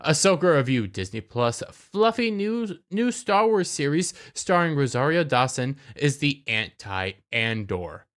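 A man's voice: on the high side, a bit bright. A young man hosting a YouTube channel, ranting in a casual, sarcastic, mocking way and often repeating words as he starts a sentence. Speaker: YouTube commentator. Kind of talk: casual rant commentary.

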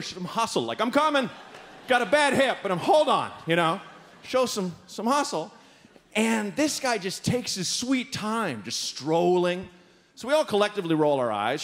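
A man doing stand-up comedy on a live stage, telling a story and acting out the people in it with big jumps in his voice. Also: high voice. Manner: animated, acts out characters with big voice jumps. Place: live stage before an audience.

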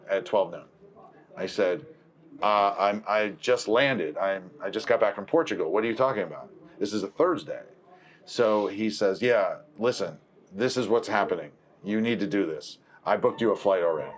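Man, film producer, rambling storyteller, slightly low voice, acts out quotes. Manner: rambling, self-correcting, acts out quoted dialogue. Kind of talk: conversational storytelling.

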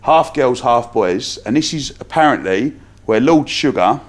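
A London man talks through his story at an easy, casual pace, acting out what people said and laughing as he goes. His voice sits in the middle range for a man, neither deep nor high. He comes across as a relaxed, chatty guest. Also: unhurried. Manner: lively anecdotes with acted-out quotes, frequent laughs. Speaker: podcast guest, entrepreneur.

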